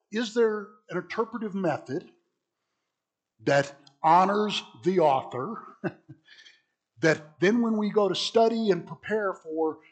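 A man's voice: high voice, husky. A man preaching in an interactive Bible class, talking conversationally, asking the audience questions and often restarting his sentences. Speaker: preacher teaching a church class.

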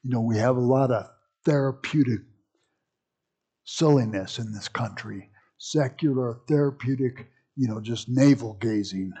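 A man's voice: medium pitch, measured pace, dark tone, slightly rough. A man leading a Bible study in a folksy, rambling way, with joking asides.

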